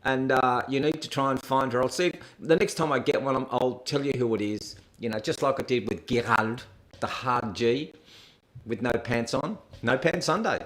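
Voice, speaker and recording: A man's voice: medium pitch, moderate pace, fairly bright tone. A man with an Australian accent hosting a rambling, irreverent reaction stream. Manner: rambling, irreverent, laughing asides. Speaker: host.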